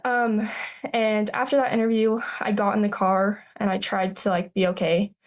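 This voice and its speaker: A woman in her twenties recounting a personal story as a podcast guest, halting, with many fillers and restarts. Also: mid-range voice, level tone. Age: 20s.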